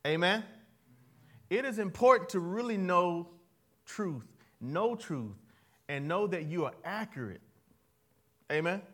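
High-voiced man preaching with call-and-response. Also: lively intonation, slow, pauses often. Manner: call-and-response preaching, swings from soft asides to loud emphatic lines; playful, laughs at his own jokes. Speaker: pastor. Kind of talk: sermon.

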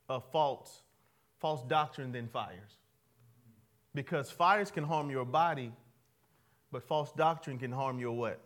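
Male pastor, bright high register, playful call-and-response preacher who swings between quiet asides and punchy declarations. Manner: playful, laughs at his own jokes. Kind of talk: sermon.

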